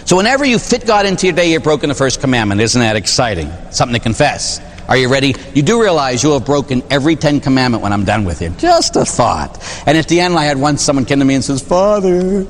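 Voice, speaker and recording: A man's voice: medium pitch, quick pace, hardly any pauses, a little hiss or hum. A man who is a Catholic priest, preaching a sermon in a church with jokes and rhetorical questions. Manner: animated, joking, full of rhetorical questions. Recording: long reverb of a large hall.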